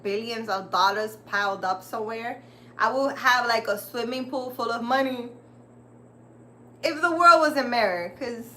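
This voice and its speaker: A woman's voice: fairly high pitch, bright, forceful tone, a little hiss or hum. A woman hosting a casual livestream, rambling and chatty as she talks straight to her viewers. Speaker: livestream host.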